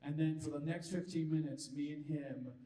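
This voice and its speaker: A man's voice: on the high side, normal speed. Man telling stories in an echoey hall. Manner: animated, acts out quotes in other voices, laughs often. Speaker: convention panel guest. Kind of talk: anecdotal Q&A storytelling. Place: large convention hall. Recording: roomy hall from far off.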